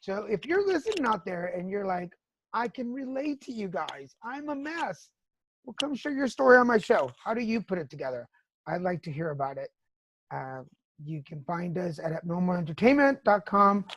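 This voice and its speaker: A woman's voice: fairly low pitch, big pitch swings, fairly quick. A woman hosting a podcast, telling personal stories frankly with swearing and laughter. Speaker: podcast host. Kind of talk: candid casual chat.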